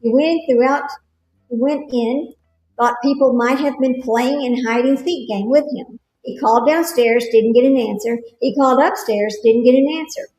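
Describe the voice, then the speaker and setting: A woman's voice: on the high side, steady tone, moderate pace, darkish tone, roomy sound, slight background noise, low-quality recording. A woman with a Texas drawl, chatting casually to viewers on her livestream commentary. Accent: Texan. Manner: chatty, laughs often, talks to viewers. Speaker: livestream host.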